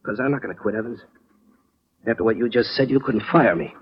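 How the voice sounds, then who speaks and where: An actor playing Joe, a proud, wisecracking clerk in a 1940s radio drama, streetwise and quick to argue. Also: male voice, lowish voice, close to an everyday voice. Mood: indignant. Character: Joe, a scrappy working man, proud and touchy. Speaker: insurance clerk. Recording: dull lo-fi old radio recording.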